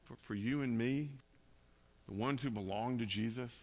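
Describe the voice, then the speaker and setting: A man preaching a conversational sermon, moving between quiet, tender passages and loud emphatic bursts. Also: medium pitch, normal speed. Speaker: pastor.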